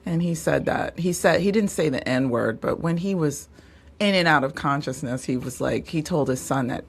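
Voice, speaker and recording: Woman podcast host, low register, attentive listener, relaxed conversational delivery. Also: moderate pace, vocal fry, breathy edge. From family from Mississippi. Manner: attentive, frequent affirming interjections. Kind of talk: casual interview chat.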